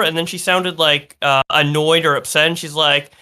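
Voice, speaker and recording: A man's voice: fairly high pitch, steady tone, normal speed, sharp tone, clean tone. A man co-hosting a podcast, recounting a story in casual chat with hesitant fillers and quoted voices. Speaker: podcast co-host.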